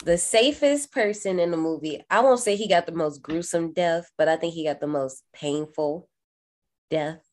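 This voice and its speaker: A woman co-hosting a casual horror movie recap podcast, animated and profane, often jumping high to act out quoted lines, speaking. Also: moderate pace. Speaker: podcast co-host.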